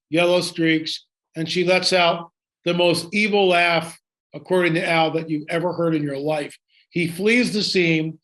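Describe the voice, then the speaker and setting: A man speaks high in his register as he recounts a story for an interviewer. He talks excitedly, doubling back and restarting his sentences as he goes. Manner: excited, with frequent restarts and asides. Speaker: guest.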